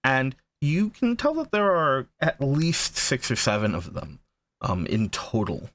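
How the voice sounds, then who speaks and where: Male game master, narrating a horror tabletop game, halting delivery, dry close mic. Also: medium pitch, very animated, fairly bright tone, no echo. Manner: halting, searching for words, many restarts.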